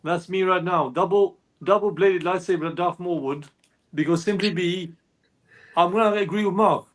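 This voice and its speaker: A man with a high voice speaks at normal speed as a football fan on a panel. Passionate, earnest and frustrated, he rambles through his points.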